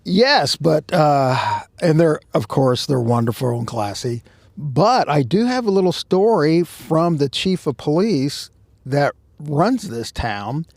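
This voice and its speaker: Gravelly animated storytelling man. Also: fairly high pitch, slow pace, dry recording. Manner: animated storyteller, shouting quoted lines. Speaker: podcast co-host telling a story. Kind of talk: casual storytelling. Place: outdoors at a truck stop.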